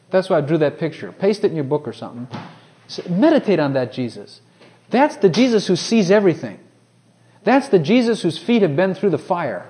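A man preaching a sermon, swinging from hushed, personal asides to loud, ringing scripture quotes. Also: high-pitched.

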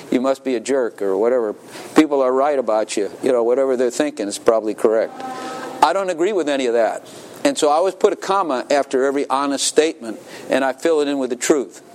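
Animated preaching pastor, a man. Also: mid-range voice, a little hiss or hum. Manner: animated, laughing, calls for congregation responses. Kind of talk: sermon. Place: church.

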